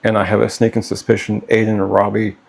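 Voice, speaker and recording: A gravelly, low-ish voice with a completely flat delivery and a quick pace belongs to a middle-aged father. He speaks straight to camera to his children in a personal vlog, earnest and pleading, often adding "okay?", and he's getting worked up.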